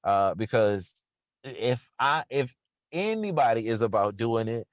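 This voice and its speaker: A man, an interview guest who owns a restaurant, talking in an earnest, reflective way with bursts of lively laughter. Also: mid-range voice, measured pace, no room sound. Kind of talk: casual conversational interview. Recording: slightly dull, dry sound.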